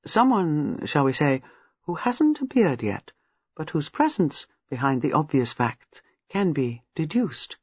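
A reader playing a chatty old spinster sleuth from a storybook, mild and observant, with a lilting, breathy voice. The sound is dry and slightly dull. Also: female voice, low-pitched, sing-song, unhurried, dry recording, exaggerated voice. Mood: calm. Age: older. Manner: mild, chatty, quietly shrewd. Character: gentle gossiping elderly spinster sleuth. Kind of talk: audiobook character reading.

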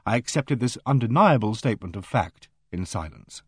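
A man reading a novel aloud as narrator, in measured storytelling style with voiced dialogue. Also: fairly low pitch, lively intonation, slightly rough, dry recording, studio quality. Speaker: audiobook narrator. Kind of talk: scripted narration.

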